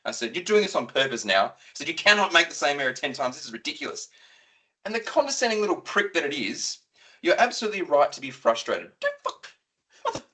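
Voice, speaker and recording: An Australian man co-hosting a casual footy podcast, excitable and rambling, swearing freely as he tells stories. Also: a little high, fast talker. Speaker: podcast co-host. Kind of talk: casual chat.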